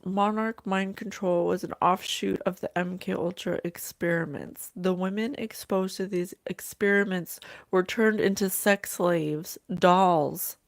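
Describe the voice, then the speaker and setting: A woman hosting a psychic reading. She thinks aloud slowly and haltingly, repeating phrases as she relays spirit messages. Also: lowish voice, fairly even intonation, dry recording, studio quality.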